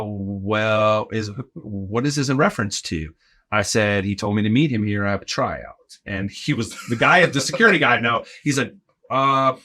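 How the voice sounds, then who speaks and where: A man in his forties, a podcast guest, telling a long anecdote in a casual, animated way, acting out the people he quotes and peppering his talk with "like" and "right?". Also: lowish voice. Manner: animated, acts out quoted voices, lots of "like" and "right?". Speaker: podcast guest, arena in-game host.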